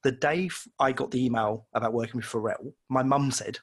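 In conversation as an interview guest, a male illustrator spins loose, self-mocking anecdotes and imitates whoever he's quoting. His mid-range voice is brisk and slightly rough.

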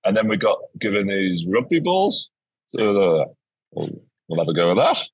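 A man tells stories as a guest in a relaxed interview. His voice is low and a bit husky. He acts out the people he quotes, and the recording is dry with little room sound. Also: moderate pace, no room sound. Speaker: educator guest. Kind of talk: casual interview storytelling.

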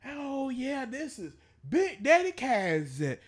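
A man voicing a hyped-up male radio DJ making a prank prize call, loud and drawn out. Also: extremely high pitch, wildly swooping pitch, voice pushed up, exaggerated voice. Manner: loud, drawn-out announcer delivery.

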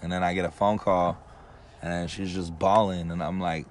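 A man co-hosts a casual podcast. His voice is very deep, and he teases, cuts in and talks to the listeners as y'all. A faint hiss of noise runs under the recording. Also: little pitch movement, brisk. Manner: teasing, interjecting, talks to the audience as y'all. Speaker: podcast co-host. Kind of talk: casual chat.

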